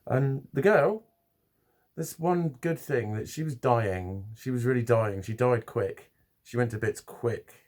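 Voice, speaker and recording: A man's voice: medium pitch, measured pace, a little mellow. A man talking to camera in a rambling, casual vlog, swearing often and restarting his sentences. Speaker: vlogger.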